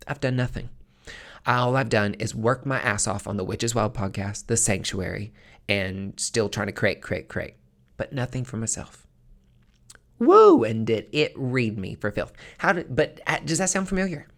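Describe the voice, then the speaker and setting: Low-voiced frank male podcaster. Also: normal speed, fairly bright tone. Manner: frank, casual, swears freely. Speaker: podcast host. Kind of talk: candid podcast monologue.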